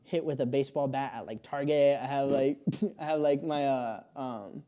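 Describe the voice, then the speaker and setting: A young man with a mellow, darker voice, talking at a middle pitch. He rambles through a story in casual podcast chat, padding it with fillers and breaking into laughs. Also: normal speed. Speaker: podcast guest.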